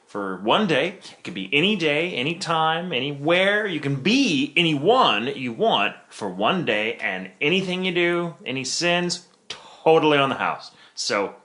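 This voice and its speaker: A man voicing a kindly Saint Peter at heaven's gates who speaks softly and gently. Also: a little high, sing-song, a little slow, hardly any pauses, voice pushed up, exaggerated voice. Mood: gentle. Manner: soft, hushed and kindly.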